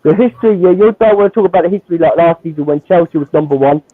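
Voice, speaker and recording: A man, a Chelsea fan arguing football in heated banter, animated and repetitive as he talks over the host. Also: on the high side, racing, dry recording, narrow, tinny audio. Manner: animated, repeats himself, talks over others.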